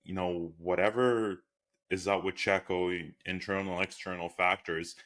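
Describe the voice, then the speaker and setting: A man co-hosting a casual podcast, speaking haltingly and repeating his words. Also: low voice, steady tone, fairly bright tone. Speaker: podcast co-host. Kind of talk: casual chat.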